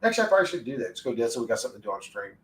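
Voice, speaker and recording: A man's voice: medium pitch, sing-song, racing, fairly bright tone, a little hiss or hum. A young man chatting casually on a livestream, rambling and swearing in a laid-back way. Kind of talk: casual stream chat. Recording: echoey room, distant mic.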